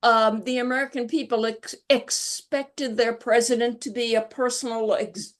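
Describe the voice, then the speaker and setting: Reflective woman guest, somewhat high voice. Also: steady tone. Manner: reflective, measured storytelling. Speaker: guest author. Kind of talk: conversational interview.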